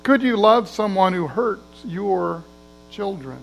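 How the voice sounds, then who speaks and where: A man's voice: sits high, lively intonation, slow, gravelly, poor audio. A man preaching a sermon in a conversational way, acting out the voices of people in his story. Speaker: pastor.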